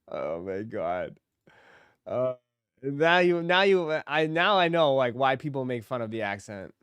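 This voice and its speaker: A man's voice: medium pitch, lively intonation, unhurried, a bit bright, clean tone, no echo, studio quality. A man hosting a casual live stream, reacting to clips with frequent laughter and playful remarks. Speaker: livestream host.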